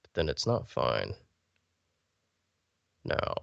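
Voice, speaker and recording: A man's voice: very deep voice, huge pitch swings, extremely slow, gravelly, fairly bright tone. A young man co-hosting a streamed talk show, talking in a laid-back, hesitant way. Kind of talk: casual chat. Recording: dull lo-fi mic.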